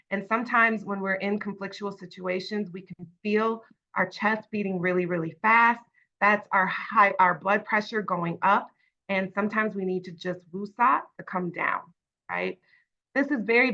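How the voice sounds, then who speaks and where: A woman in her thirties leading a workshop in a conversational tone, often asking "right?" and pausing on fillers. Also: medium pitch, pushed and bright, dull audio. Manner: conversational, tag questions, many fillers. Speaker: workshop facilitator. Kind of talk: online workshop talk.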